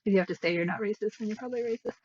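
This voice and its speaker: A woman's voice: medium pitch, very fast, a little mellow, dull audio. A woman livestreamer chatting casually, rambling with sarcastic, self-mocking asides.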